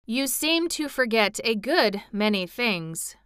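A woman's voice: a little high, very animated, slow pace, a bit bright, clean tone, dry recording, studio quality, exaggerated voice. Woman voicing a stern tin commander. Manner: firm, commanding. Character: stern tin soldier-commander, firm and scolding.

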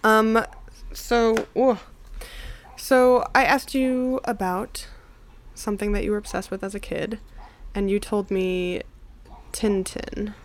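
A woman's voice: mid-range voice, steady tone, slow, pauses often, slight background noise. A woman hosting a casual podcast conversation, chatty, laughing often and filling her talk with likes and ums. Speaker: podcast host. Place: home in New Jersey.

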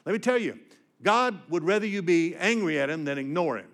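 An older male preacher delivers a personal sermon with a slightly high voice. He tells his story with raw feeling, dropping to a hush for heavy moments and rising emphatically for his points. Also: lively intonation, a little fast. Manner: emotional storytelling, dramatic swings from hushed to emphatic.

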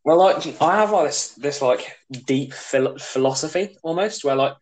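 A man's voice: a little high, normal speed, a little mellow, rough recording. A young man, chatting as a podcast guest, rambling and hesitant with lots of "like". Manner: rambling and hesitant, heavy use of "like". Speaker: podcast guest, skater and drummer. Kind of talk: casual chat.

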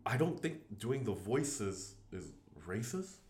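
A Canadian man talking in a casual, blunt way, peppering his talk with swearing and filler. His voice sits on the low side, and the room around him is echoey. He sounds animated and opinionated. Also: slow pace. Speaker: podcast guest, comedian. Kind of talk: casual chat.

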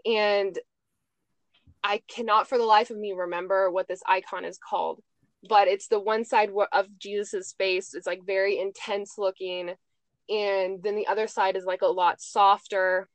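A woman's voice: mid-range voice, steady tone, normal speed, dry recording. Chatty young woman telling a story. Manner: chatty storytelling, with frequent "like" and "I'm just like". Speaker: podcast host. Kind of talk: casual chat.

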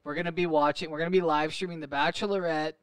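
A man's voice: on the high side, steady tone, fast, smooth, no room sound. A man co-hosting a podcast in laid-back casual chat, setting up clips. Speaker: podcast co-host.

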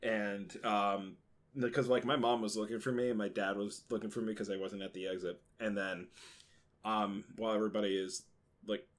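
A man's voice: fairly low pitch, flat delivery, moderate pace. A young man telling a childhood story in casual chat, hesitant and full of fillers.

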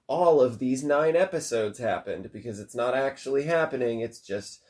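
A man's voice: medium pitch, lively intonation, normal speed, darkish tone. A man casually retelling a cartoon plot in long run-on sentences, rambling and occasionally swearing. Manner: rambling, run-on, profane, breathless recap. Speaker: storyteller recapping a cartoon. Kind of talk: casual chat.

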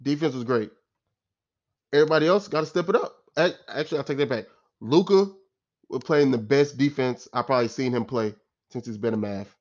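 A man rants about a game in a casual, exasperated way, circling back on his points and throwing in slang. His voice sits at an everyday middle pitch. The recording sounds dull and lo-fi. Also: brisk, darkish tone. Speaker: sports fan commentator. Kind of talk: casual post-game rant.

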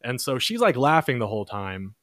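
A young man hosting a podcast, casually telling a long story in a relaxed, chatty way and lifting his voice when he quotes others. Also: mid-range voice, a little fast, dry recording, studio quality. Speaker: podcast host.

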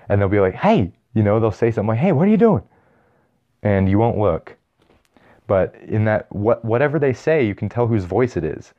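A young man talks in a relaxed, chatty way, often stopping to correct himself. His voice sits low and warm. The recording sounds a little muffled. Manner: rambling, self-correcting, chatty. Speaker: video host. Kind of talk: casual explainer monologue.

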